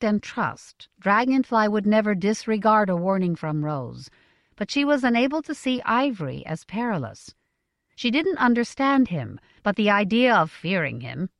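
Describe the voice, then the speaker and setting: In a measured, expressive manner, a woman narrates a scripted audiobook at medium pitch. The recording is dry, with clean studio sound.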